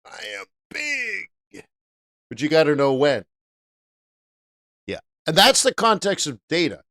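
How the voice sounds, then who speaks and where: A middle-aged man hosting a live trading stream, giving animated and jokey market commentary that breaks into loud playful bits. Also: a little high, normal speed.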